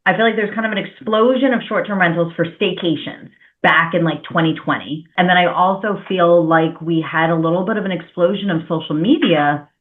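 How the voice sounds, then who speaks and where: Over a tinny line that sounds like a phone, a female podcast host chats casually with her guest in long, rambling turns full of hedging. Her pitch is fairly low and she speaks a little fast.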